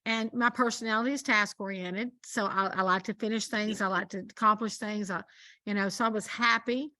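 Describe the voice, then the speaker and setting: A woman's voice: medium pitch, fairly even intonation, a little fast, sharp tone, dry recording. A woman speaking as a guest minister in a casual faith conversation, telling a story earnestly and with emphasis.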